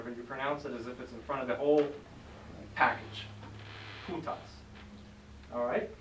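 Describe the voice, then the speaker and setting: Lively man teaching in an echoey classroom. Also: a little high. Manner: upbeat, drills students with call and response. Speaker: Greek teacher. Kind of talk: classroom lesson. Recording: echoey room from far off, faint noise.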